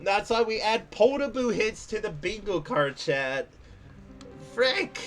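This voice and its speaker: Excitable young man streaming a game. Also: sits high, measured pace, faint music behind. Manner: excitable, laughs and yelps often. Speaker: gaming streamer. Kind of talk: live gameplay commentary.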